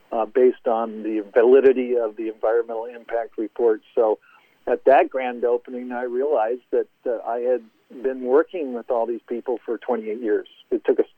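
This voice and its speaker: A man's voice: mid-range voice, dry recording. A man in his sixties from the American Midwest, a golf course architect telling anecdotes in an interview with chuckles and repeated words. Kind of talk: casual storytelling interview. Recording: tinny phone line, dry.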